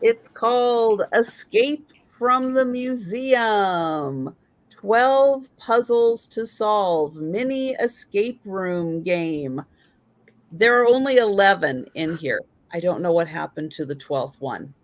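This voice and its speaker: Slow-talking woman auctioneer. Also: mid-range voice, expressive, no room sound. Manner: slow, methodical, describing items. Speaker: live sale host. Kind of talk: live auction chat.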